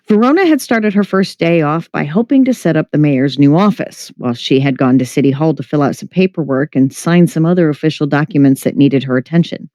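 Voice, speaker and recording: Steady storyteller reading fiction. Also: mid-range voice, no room sound, lo-fi sound. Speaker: story reader. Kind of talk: scripted fiction narration. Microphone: home mic, livestream.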